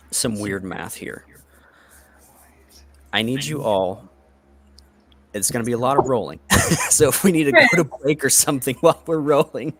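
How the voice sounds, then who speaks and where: A man narrating a tabletop game as the game master, deliberate and slow. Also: lowish voice, fairly bright tone, a little hiss or hum.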